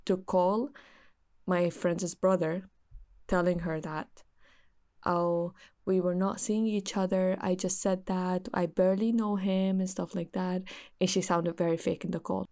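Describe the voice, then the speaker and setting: A woman's voice: on the low side, little pitch movement, a little slow, dark tone. A young woman earnestly recounting a friend's story in casual chat.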